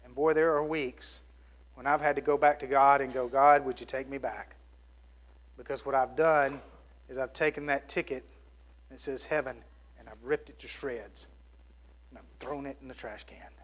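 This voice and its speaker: A middle-aged man preaching a sermon as pastor, swinging from loud exclamations down to hushed, near-whispered lines. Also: medium pitch, steady tone, normal speed, pauses often.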